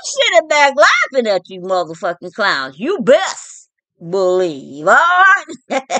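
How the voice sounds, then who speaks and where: A woman delivers a profane monologue to her viewers in a bright, high voice. She takes it slow, taunting and preaching and checking in with "all right?". The sound is dry and close. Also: wildly swooping pitch, no room sound. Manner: taunting, preachy, often breaks into laughter; repeats "all right?" to address listeners. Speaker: online commentator.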